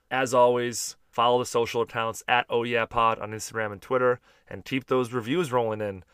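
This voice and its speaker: A man hosting a podcast, reading sponsor notes and chatting with a guest in an upbeat way, quick to laugh. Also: mid-range voice, pushed and bright, clear, resonant tone, no room sound, studio quality. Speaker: podcast host. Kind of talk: casual podcast chat.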